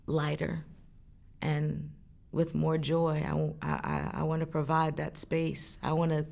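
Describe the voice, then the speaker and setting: A French woman who sings and writes songs speaks in a candid interview with a low voice and vocal fry. She tells stories earnestly and from the heart, frequently restarting her sentences.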